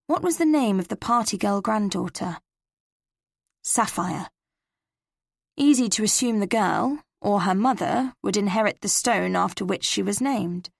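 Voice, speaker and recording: Gravelly English woman narrating. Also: mid-range voice, no echo, studio quality. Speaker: audiobook narrator. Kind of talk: first-person scripted narration.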